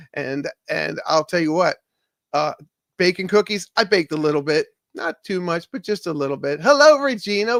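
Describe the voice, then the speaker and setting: A man's voice: high voice, fairly bright tone, no echo, studio quality. A man hosting a casual live stream chat, upbeat and greeting viewers by name, with plenty of fillers.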